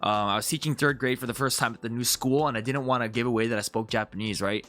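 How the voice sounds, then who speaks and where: A young man chatting casually as he reviews his own comedy video, animated and full of restarts. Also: mid-range voice, fast, faint music behind. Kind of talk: casual commentary.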